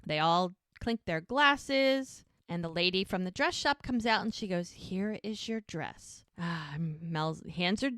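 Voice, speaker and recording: A woman co-hosting a podcast, retelling a TV episode in an animated, chatty way and quoting the characters. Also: fairly low pitch, measured pace, few pauses, clean tone, no echo, studio quality. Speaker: podcast co-host. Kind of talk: casual recap of a TV episode.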